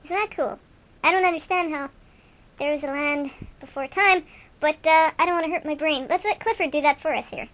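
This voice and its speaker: A woman's voice: high voice, fairly quick, a bit bright. A woman hosting an improvised comic radio show, playing two goofy young male rock-fan buddies in rambling, self-mocking banter.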